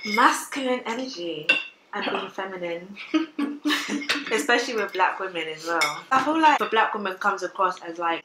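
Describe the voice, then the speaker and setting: A woman hosting a casual chat show, talking in a chatty way and leaning on "like" a lot. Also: mid-range voice. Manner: chatty, leans on "like". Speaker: host. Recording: echoey room with faint noise.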